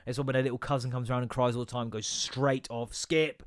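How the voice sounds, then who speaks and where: A man's voice: mid-range voice, steady tone, fast talker. A man in his thirties hosting a solo comedy podcast, ranting and swearing with self-mocking asides.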